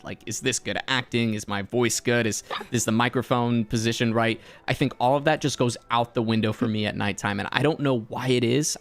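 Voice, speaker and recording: A young man hosting a casual conversation about voice acting, animated and laughing often, acting out quotes. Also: mid-range voice. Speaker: host, voice actor.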